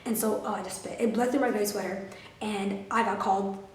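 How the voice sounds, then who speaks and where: A woman in her twenties telling a storytime to her camera, animated, profane and full of "like" fillers. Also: mid-range voice, fairly quick, recorded from a distance, slight background noise. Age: 20s. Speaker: vlogger. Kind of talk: storytime vlog. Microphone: camera filming herself. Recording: roomy, mic set back.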